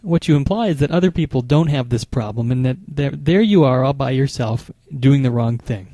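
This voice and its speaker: A man speaking as a marriage therapist, explaining calmly and methodically, often restarting his phrases. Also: mid-range voice, no room sound. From United States. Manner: measured, explanatory, with frequent small restarts. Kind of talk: instructional talk to camera.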